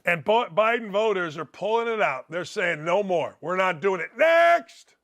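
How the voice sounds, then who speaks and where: This middle-aged man hosts a sports talk show, talking betting in a rambling, excitable way with bursts of loud shouting. His voice sits high and moves at normal speed.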